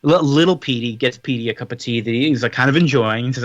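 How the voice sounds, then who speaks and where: A man co-hosting a podcast in casual chat, summarizing a story with quick acted-out quotes. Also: mid-range voice, dry recording, highs cut off. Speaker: podcast co-host.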